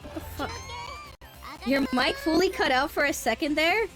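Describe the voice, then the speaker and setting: A woman's voice: high voice, normal speed, pauses often. A young woman streaming a game live, chatting loosely and teasing her viewers, swearing freely. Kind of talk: casual live-stream chat. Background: game music.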